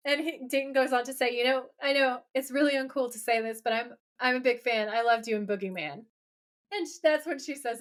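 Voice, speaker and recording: A woman's voice: high voice, fairly quick. A woman co-hosting a podcast, casually recapping a TV episode and acting out its dialogue. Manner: animated, retells scenes in quoted dialogue. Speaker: podcast co-host.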